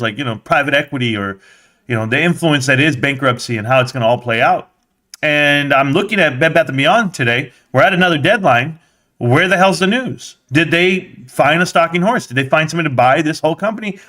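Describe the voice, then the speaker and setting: A young man hosts his live stream in a loose, rambling rant, swearing as he goes. His voice is bright and forceful at a middle pitch. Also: brisk.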